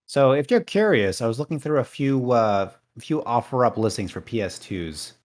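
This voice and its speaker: A man's voice: medium pitch, animated, normal speed. A young man co-hosting a podcast, chatting casually and swearing now and then. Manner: laid-back, swears casually. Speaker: podcast co-host. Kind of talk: casual chat.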